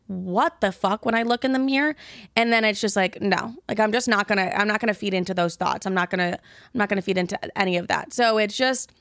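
This podcast host, a woman in her twenties with a mid-range voice, answers listener questions in casual, candid chat on a dry, studio-quality recording. She rambles bluntly, swearing freely, talking to herself and throwing in loud asides.

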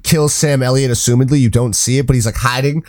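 A young man co-hosting a casual podcast, excitable and quick to jump in, with lots of filler words. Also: medium pitch, no echo, studio quality. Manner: excitable, animated, filler-heavy. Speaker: podcast co-host. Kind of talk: casual chat.

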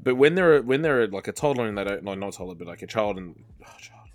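A man's voice: on the low side, quick pace. A man, co-hosting a casual podcast and telling swear-laden stories about his kids. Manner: animated storyteller, swears freely, acts out quotes. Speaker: podcast co-host. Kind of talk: casual chat.

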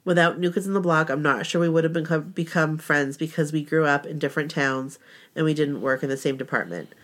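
A woman's voice: low-pitched, fairly quick. A middle-aged woman, a podcast co-host, reading a sincere personal story about her best friend. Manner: sincere, heartfelt.

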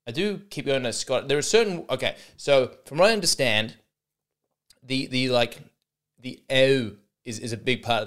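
A man's voice: medium pitch, brisk, fairly bright tone. An Australian man hosting a comedy podcast, talking in a rambling, sarcastic, self-mocking monologue.

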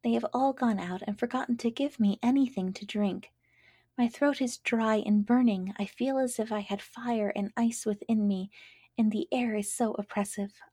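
A woman reading a storybook, voicing a thirsty, dying captive lark in a breathy, half-whispered lament. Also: on the high side, fairly even intonation, normal speed, dark tone, no echo, clean studio sound, pitched above the performer's own voice. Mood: parched lament.

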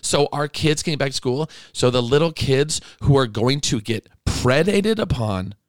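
A middle-aged man speaks straight into the mic in an impassioned podcast monologue, indignant and pleading by turns. His voice sits at an ordinary male pitch. The sound is dry, with no room around it. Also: animated, moderate pace, no room sound. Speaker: podcast host.

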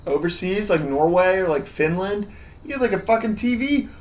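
A man's voice: sits high, expressive, normal speed. A young man co-hosting a podcast, trading crude, joking banter and riffing on silly bits. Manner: jokey, riffs on bits and silly accents. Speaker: podcast co-host.

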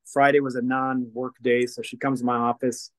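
A man, a guest in a conversation, telling a personal story in a lively way and acting out the dialogue of the people in it. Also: mid-range voice, moderate pace, no echo, poor audio. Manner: lively storyteller who acts out quoted dialogue. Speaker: guest, deliverance minister and former counselor. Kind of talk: storytelling testimony in casual conversation.

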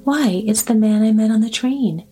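A woman reading as a soft-hearted old grandmother. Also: on the high side, moderate pace, breathy edge, soft background music. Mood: fretful. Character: kindly, fretful old grandmother.

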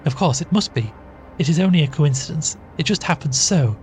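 A man's voice: a little high, lively intonation, a little fast, faint music behind, pitched above the performer's own voice, lightly acted. A man voicing a timid, horror-stricken woman in a ghost story, stammering in fear. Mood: frightened. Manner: stammering, scared.

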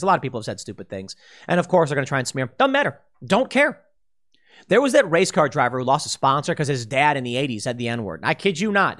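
Man ranting in lively commentary. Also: fairly high pitch. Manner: heated, ranting, mocking impressions. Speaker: political commentary host. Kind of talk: opinionated solo commentary.

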